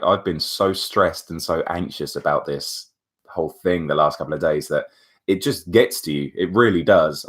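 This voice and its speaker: A young man, chatting to camera as a vlogger, retelling events in a chatty, animated way full of asides. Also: low voice. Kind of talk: casual storytelling to camera.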